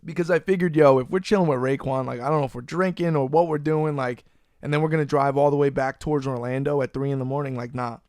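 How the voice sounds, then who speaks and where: A man hosting a podcast, telling a long story in a loose, animated, profane way. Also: mid-range voice, quick pace, no echo, studio quality. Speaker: podcast host. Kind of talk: casual storytelling chat. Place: Florida.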